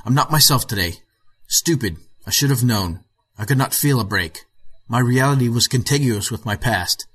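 A man's voice: medium pitch, expressive, moderate pace, fairly bright tone, breathy edge. A man reading aloud voices a tired, anxious male theoretician who tends to mutter.

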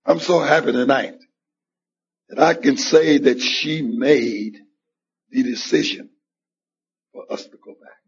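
Gravelly, husky man telling his story. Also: mid-range voice, slow pace, pauses often. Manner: storytelling with acted-out quoted dialogue. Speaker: speaker at a recovery meeting. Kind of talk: personal testimony at a recovery meeting. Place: meeting hall. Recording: dull lo-fi 1991 meeting tape.

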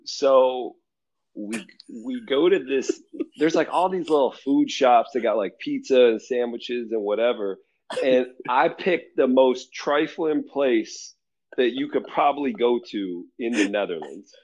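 A man's voice: medium pitch, lively intonation, measured pace, a little mellow, lo-fi sound. A man from Michigan telling a funny story in casual chat, using loose slang and laughing as he goes.

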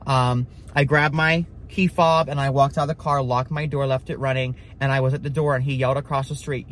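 A man's voice: mid-range voice, steady tone, a little fast, hardly any pauses, fairly bright tone, slight background noise. A man leading a Bible study as a preacher, telling a loose, rambling story full of "like" and "you know.". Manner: rambling, filler-heavy, with many "like" and "you know".

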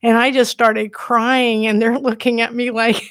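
Woman sharing a soft, heartfelt testimony. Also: fairly high pitch, level tone, measured pace, smooth, no room sound, studio quality. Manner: soft, emotional storytelling. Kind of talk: personal testimony in conversation.

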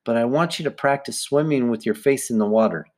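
A man's voice: medium pitch, brisk, darkish tone, natural voice. Patient teenage swim teacher, encouraging, put on by a male reader. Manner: coaxing, encouraging.

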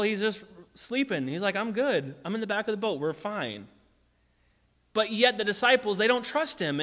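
A man with a high, bright voice preaching a sermon. He talks in a relaxed, conversational way, repeating short phrases for emphasis. His voice rings out in a long hall reverb. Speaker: pastor.

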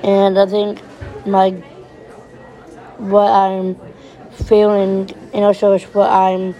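A woman talking in a personal podcast monologue, halting and repeating herself, her voice breaking and teary. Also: mid-range voice, completely flat delivery, warm tone, muffled recording, soft background music, some chatter behind.

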